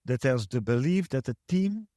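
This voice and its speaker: A man's voice: mid-range voice, lively intonation, moderate pace, mellow, no room sound, studio quality. A man, a guest researcher answering interview questions in a hesitant way, with many fillers and restarts.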